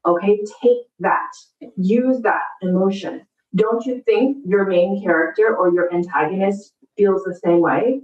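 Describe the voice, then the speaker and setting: A woman's voice: medium pitch, a little slow, echoey room, far from the mic, highs cut off. A woman in her thirties chatting casually, upbeat and encouraging, giving a motivational pep talk to her viewers.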